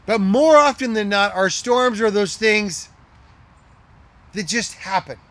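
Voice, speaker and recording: A middle-aged man preaching a sermon as a pastor, emphatic and repeating his key lines, dropping to a hush at times. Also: high voice, slow pace.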